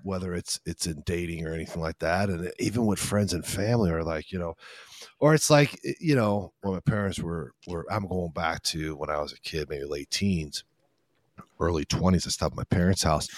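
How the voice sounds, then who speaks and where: A man with a low, deep voice hosts a casual podcast chat, animated and emphatic, running off on long tangents and swearing freely. The sound is dry and close, with no room around it. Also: no echo. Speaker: podcast host.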